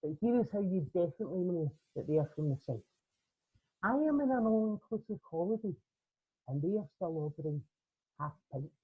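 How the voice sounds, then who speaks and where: Husky Glaswegian woman doing stand-up. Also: on the low side, expressive, fairly quick. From Scotland. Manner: punchy, conversational storytelling with tag questions. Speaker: comedian guest. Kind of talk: stand-up routine. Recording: tinny phone-like line.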